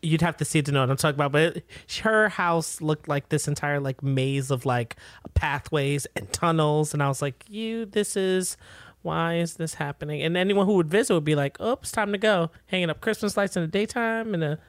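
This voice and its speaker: A podcast co-host chatting casually about a TV episode, with wry, deadpan asides. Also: mid-range voice, fairly quick, no echo, studio quality. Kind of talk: casual TV recap chat.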